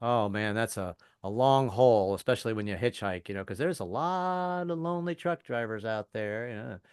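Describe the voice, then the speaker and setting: A man's voice: lowish voice, a little mellow, smooth, dry recording, clean studio sound. A middle-aged man from the American South, with no regional accent, telling stand-up stories and briefly doing voices of the people in them. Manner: storytelling, doing quick voices of family members. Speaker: stand-up comedian. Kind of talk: stand-up comedy set. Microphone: video call.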